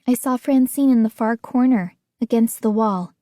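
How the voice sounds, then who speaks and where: A woman's voice: a little high, normal speed, mellow, no echo, clean studio sound. A woman narrating an audiobook as scripted story narration, acting out a frightened young narrator and the other characters.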